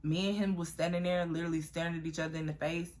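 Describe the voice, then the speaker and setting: Young female vlogger with a low voice; chatty, profane story told straight to camera. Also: racing. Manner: profane, animated, chatty, addresses viewers as y'all.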